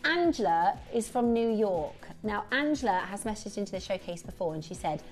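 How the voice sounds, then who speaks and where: A woman presenting a live shopping show, chatty and excitable, with quick asides and repeated exclamations. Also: medium pitch, soft background music. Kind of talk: live sales chat.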